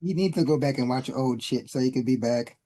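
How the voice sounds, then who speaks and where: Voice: mid-range voice, a little fast, dark tone. A podcast co-host making short, laughing remarks in casual chat.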